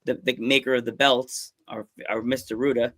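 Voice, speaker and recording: A man hosting a wrestling podcast, telling stories in a casual, excitable way, often stumbling over his words and laughing. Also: medium pitch, moderate pace. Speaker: podcast host. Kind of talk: casual chat, storytelling.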